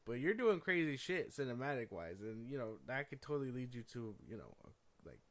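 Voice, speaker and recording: A man's voice: mid-range voice, sing-song, a little fast. A man co-hosting a movie podcast, giving blunt, dismissive takes in casual profane banter. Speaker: podcast co-host.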